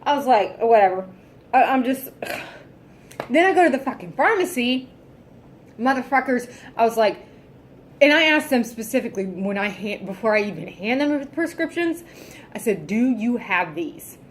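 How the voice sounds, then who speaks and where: A woman's voice: a little high, expressive, normal speed, pauses often, slight background noise. A woman venting in a casual vlog, exasperated and heavily profane, sighing often. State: fed up and irritable. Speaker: vlogger.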